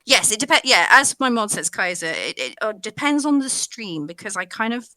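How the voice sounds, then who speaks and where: A woman's voice: mid-range voice, very animated, moderate pace, bright, forceful tone, no echo. A British woman with a British English accent, a guest streamer chatting casually in an interview, self-deprecating and laughing often. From Britain.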